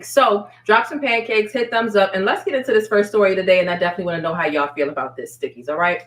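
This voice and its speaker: A woman's voice: mid-range voice, animated, fast talker, hardly any pauses, fairly bright tone, distant mic. Slangy woman hosting a roomy live stream. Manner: chatty, slangy, addresses viewers directly. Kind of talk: casual live-stream chat.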